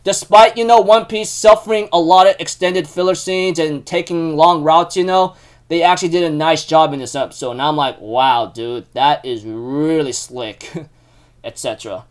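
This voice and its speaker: A young man hosting a casual anime recap, excitable and full of fillers like "dude" and "you know". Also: high voice, brisk.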